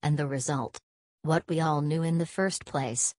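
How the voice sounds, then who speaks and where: A woman's voice: deep voice, fairly even intonation, moderate pace, darkish tone, dry recording, clean studio sound. A woman reading the part of a fussy, self-assured middle-aged male detective in an audiobook, speaking in a precise, lecturing way. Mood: lofty.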